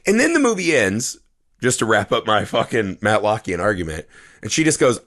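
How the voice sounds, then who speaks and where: A man's voice: mid-range voice, normal speed. Ranting, swearing male podcast host. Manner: profane, ranting, animated. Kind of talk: casual movie review chat.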